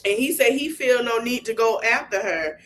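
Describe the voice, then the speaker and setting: A woman's voice: a little high, normal speed, a little hiss or hum. Laughing, chatty woman recapping TV. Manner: animated retelling, often laughing. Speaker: podcast host. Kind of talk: casual reality show recap.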